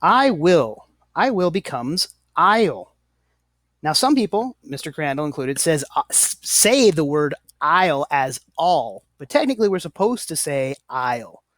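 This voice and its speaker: Male teacher talking slow n patient, bouncy pitch, dry close sound. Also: sing-song, fairly bright tone, no echo. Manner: patient, self-correcting, apologetic. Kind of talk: slow, deliberate classroom explanation.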